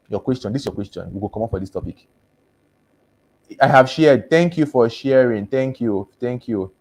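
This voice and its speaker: On a relaxed live stream, a male doctor speaks in Nigerian Pidgin-accented English, his mid-range voice slightly mellow but beginning to go hoarse. He reads out comments in an easygoing, repetitive way, chatting, flipping between English and Pidgin, and saying thanks over and over.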